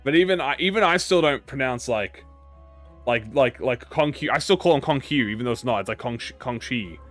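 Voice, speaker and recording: A man's voice: mid-range voice, fairly quick, a bit bright, soft background music. A man casually talking to his chat while playing a game, rambling, self-mocking and swearing freely. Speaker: streamer. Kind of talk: casual live-stream game commentary to chat.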